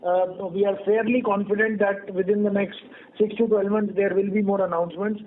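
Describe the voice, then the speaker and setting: A man, a company executive, answering analyst questions on an earnings call in a measured, frank way with many fillers. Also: high voice, flat delivery. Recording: tinny phone line.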